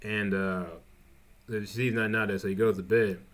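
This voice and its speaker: A man casually recapping episodes of a show, rambling and halting, with frequent restarts. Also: lowish voice, flat delivery, fairly bright tone. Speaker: TV show reviewer.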